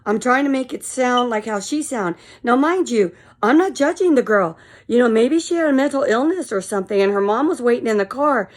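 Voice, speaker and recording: A woman's voice: on the high side, animated, brisk, few pauses. A tired woman in her fifties telling a frank, rambling story straight to camera. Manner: frank and rambling, full of fillers. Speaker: vlogger. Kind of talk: casual storytelling monologue.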